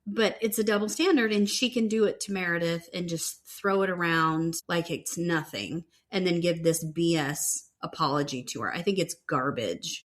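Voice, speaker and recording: A woman's voice: fairly low pitch, moderate pace, few pauses. A woman co-hosting a podcast, giving blunt, opinionated takes in casual chat. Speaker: podcast co-host. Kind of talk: casual chat recapping a reality show.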